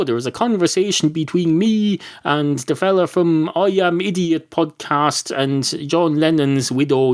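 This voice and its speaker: A man hosting his own podcast, wandering from one aside to the next in a dry, deadpan way. His pitch swings widely, rising for emphasis and dropping for muttered asides. He swears casually as he goes. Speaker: podcast host. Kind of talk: rambling comic monologue.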